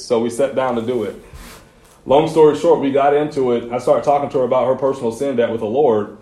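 A man's voice: mid-range voice, brisk, warm tone. Casual, echoey-room youth preacher man. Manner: conversational storytelling, casual slang. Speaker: youth pastor. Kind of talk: sermon.

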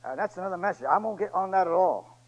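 A man with a fairly high voice delivers a sermon. His folksy, colloquial storytelling swings from booming declarations to hushed asides. The sound is muffled and lo-fi, like an old church tape. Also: lively intonation, fast. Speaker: preacher.

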